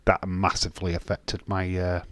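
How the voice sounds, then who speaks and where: A man's voice: sits low, completely flat delivery, normal speed, a bit bright, dry recording. A man with a Yorkshire accent hosting a live stream, chatting casually and bluntly, swearing freely and restarting his sentences. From Castleford, Yorkshire, England. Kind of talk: casual watch-along chat reading viewer comments.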